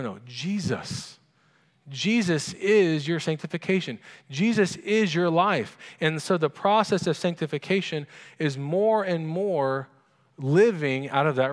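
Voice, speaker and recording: Casting: male pastor, mid-pitched voice, chatty sermon delivery, long hall reverb. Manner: conversational, asks the congregation questions.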